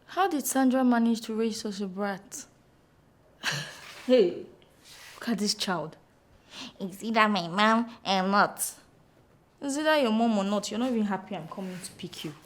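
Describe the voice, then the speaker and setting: A woman's voice: a little high, expressive, moderate pace, pauses often, a little mellow, close to an everyday voice. An actress with a Nigerian accent playing a house help who coaxes a child and later mocks her. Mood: mocking. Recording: music under the dialogue. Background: film score.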